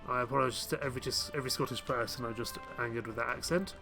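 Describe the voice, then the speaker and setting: A man's voice: medium pitch, fast, vocal fry, hardly any pauses, over music. A man streaming a game live, chatting casually and thinking aloud with self-mocking asides. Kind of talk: casual live gameplay commentary.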